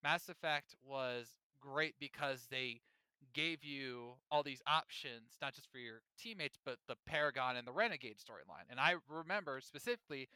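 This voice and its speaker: A man co-hosting a casual gaming podcast, animated and chatty, often restarting his sentences. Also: medium pitch, moderate pace, smooth, dry recording. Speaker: podcast co-host.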